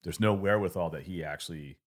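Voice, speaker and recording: Very deep-voiced man telling a story. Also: quick pace. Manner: reflective, rambling storytelling with many fillers. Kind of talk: casual conversation.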